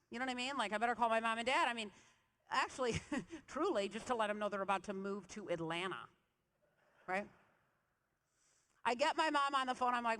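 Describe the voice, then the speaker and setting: Keynote speaker, woman, animated storyteller, big echoing hall. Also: a little high, quick pace. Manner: animated storyteller, quizzing the audience. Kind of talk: motivational keynote speech. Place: large convention hall stage. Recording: reverberant convention hall.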